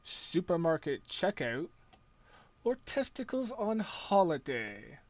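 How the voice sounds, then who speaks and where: A man's voice: fairly high pitch, sing-song, slow pace, no room sound. A man commenting on a game with wry, sarcastic asides. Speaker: gaming streamer.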